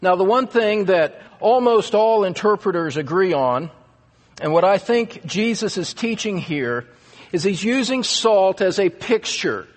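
A pastor with a fairly high voice delivers an earnest sermon at an unhurried pace. His words ring out with a long hall reverb, as if spoken in a church sanctuary. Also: animated. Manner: earnest, emphatic preaching with repeated stresses.

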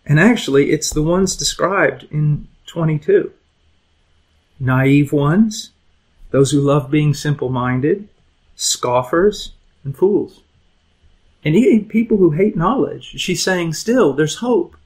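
A man's voice: fairly high pitch, expressive, takes it slowly, darkish tone, breathy edge, poor audio. A man teaching a conversational Bible lesson to young people, earnest and emphatic, often repeating words, chuckling, and asking his listeners direct questions.

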